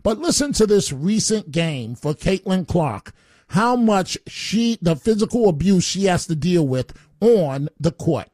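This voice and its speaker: High-voiced, rambling talk radio host. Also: male voice, lively intonation, measured pace, darkish tone, no echo, studio quality. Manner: rambling and opinionated, with stammered restarts.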